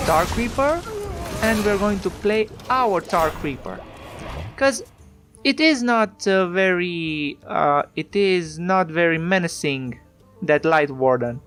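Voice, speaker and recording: A speaker with an Italian accent giving casual commentary on a card game match. They chat along and put rhetorical questions to the opponent. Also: mid-range voice. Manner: chatty, talks back to the opponent with rhetorical questions.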